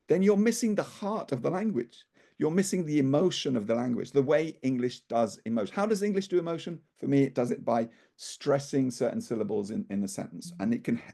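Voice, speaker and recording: Man, speaking coach, mellow tone, emphatic stresses, thoughtful restarts. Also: medium pitch, vocal fry, husky. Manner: thoughtful, repeats and restarts phrases; leans heavily on stressed syllables for emphasis. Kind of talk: conversational explanation.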